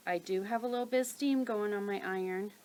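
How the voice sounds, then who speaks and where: A woman calmly talking through a sewing tutorial step by step while she works. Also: mid-range voice, brisk, low-quality recording. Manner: calm, methodical, talks while working. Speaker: quilting instructor.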